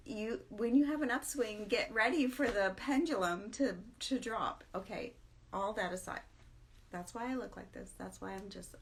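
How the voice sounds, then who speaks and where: A woman's voice: a little high, vocal fry. A middle-aged woman hosting a casual morning vlog, tired, chatty and self-mocking, laughing often as she talks. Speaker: vlog host.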